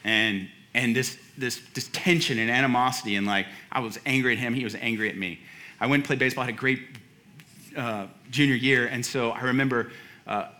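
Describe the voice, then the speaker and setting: Bright-voiced chatty male pastor. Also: mid-range voice, steady tone, brisk. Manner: casual, chatty, laughs at himself, many restarts. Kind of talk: sermon storytelling.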